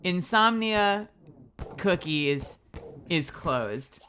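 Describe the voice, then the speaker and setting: A woman's voice: low voice, lively intonation, a little slow, a bit bright, slight background noise. A woman streamer chatting casually late at night, loose and jokey with a lot of swearing.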